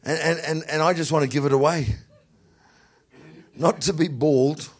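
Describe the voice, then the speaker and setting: A man with a high, husky voice preaches a lively sermon. He laughs easily, stumbles over repeated words, and builds up to shouted lines. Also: moderate pace.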